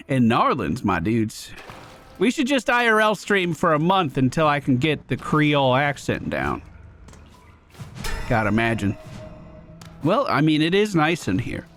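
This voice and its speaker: A man casually commenting on his game run, chatty and excitable, thinking out loud and swearing now and then. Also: mid-range voice. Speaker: let's play streamer.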